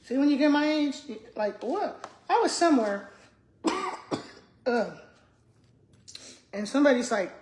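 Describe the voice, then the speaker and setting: A woman's voice: high-pitched, expressive, slow pace, pauses often, darkish tone. A woman, a retired school principal chatting casually to viewers while eating, often humming and murmuring between bites. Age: 60s. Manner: chatty, addresses viewers as y'all, hums and murmurs while chewing.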